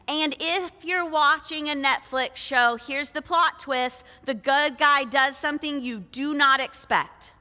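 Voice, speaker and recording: High-voiced woman preaching in a reverberant hall. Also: a little slow, hardly any pauses, bright, forceful tone. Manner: storytelling with frequent rhetorical questions. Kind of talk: conversational sermon. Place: church.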